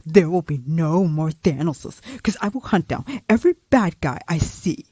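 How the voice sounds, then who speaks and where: A woman voicing a menacing male trickster god villain who speaks in a hushed, threatening mutter. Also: low-pitched, lively intonation, normal speed, slightly rough, no echo, voice pushed down.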